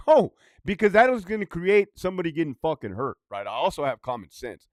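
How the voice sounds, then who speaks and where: A man's voice: on the high side, animated, fairly quick, darkish tone, no echo, clean studio sound. A man who is a former prison guard, ranting profanely in a casual vlog, rambling and often laughing.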